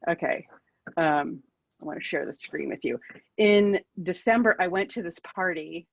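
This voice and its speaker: A woman's voice: on the low side, normal speed, gravelly, no room sound, dull audio. Candid woman telling her own story. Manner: candid, self-deprecating, with fillers and laughs. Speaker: keynote speaker. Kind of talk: personal storytelling talk. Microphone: video call.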